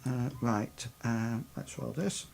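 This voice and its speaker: A game master narrating a tabletop game, halting with lots of fillers and laughter. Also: medium pitch, creaky, a little mellow, a little hiss or hum.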